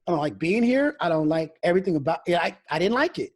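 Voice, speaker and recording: A man's voice: on the high side, big pitch swings, fast talker. A man who is a pastor, speaking frankly in an interview and telling stories, often restarting his phrases. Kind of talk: candid conversational interview.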